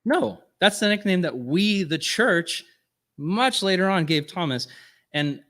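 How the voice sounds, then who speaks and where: A man's voice: high voice, expressive, a little slow, a bit bright. A man teaching at a ministry workshop in an earnest, conversational way, often checking in with "right?". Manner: earnest, casual phrasing with frequent "right?" asides.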